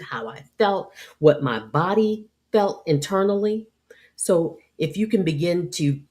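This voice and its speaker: A middle-aged woman hosting a leadership talk, giving calm, measured advice and acting out little everyday scenes. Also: low voice. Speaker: podcast host and leadership speaker.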